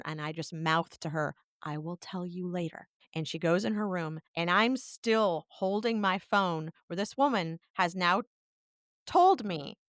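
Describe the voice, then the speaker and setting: A woman with a smooth, clear voice tells a personal story on a podcast, candid and animated as she goes. Her voice sits at a middle pitch and sounds dry, with little room in it. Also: no room sound. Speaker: podcast co-host.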